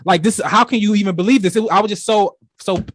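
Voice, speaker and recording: This podcast co-host, a young man, rambles through a long personal story with many restarts and plenty of "you know". His voice sits high, with a steady tone and quick pace.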